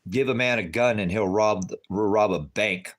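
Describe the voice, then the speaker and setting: A preacher man with a very low, deep voice talks casually to his viewers from home on a farm. He rambles from one thought to the next and slips into fond baby talk with his cat. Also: moderate pace. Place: farmhouse.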